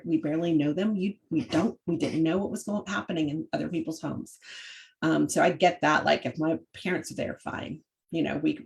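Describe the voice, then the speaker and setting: A woman's voice: sits low, creaky, a little hiss or hum. A middle-aged woman, hosting a chatty faith-based parenting talk full of fillers and restarts. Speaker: podcast host.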